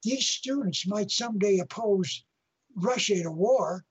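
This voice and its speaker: As an interview guest, a man tells a long anecdote in a husky, slightly rough, high voice, speaking a little slowly. He keeps repeating and restarting phrases, and the lo-fi recording sounds muffled.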